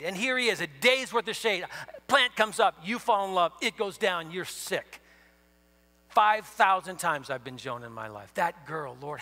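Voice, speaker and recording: A man giving a sermon in a university chapel, animated, swinging from quiet to loud. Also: a little high. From Ohio. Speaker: chapel speaker. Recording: reverberant chapel hall.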